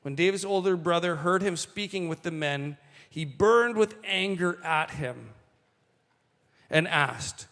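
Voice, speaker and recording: Male pastor, high-pitched, animated sermon delivery, reverberant hall. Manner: animated, slows for quoted lines, asides to the congregation. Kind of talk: sermon reading and commenting on scripture.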